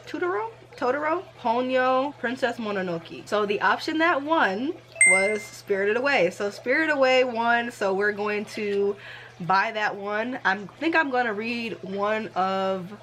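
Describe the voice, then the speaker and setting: A woman in her twenties vlogging casually, excited and gushing, laughing often and using casual slang. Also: medium pitch. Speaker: book vlogger. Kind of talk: casual vlog.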